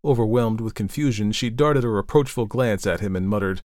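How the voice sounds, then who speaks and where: A man narrating a classic novel in a measured, even reading style. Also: lowish voice, no echo, studio quality. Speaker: audiobook narrator.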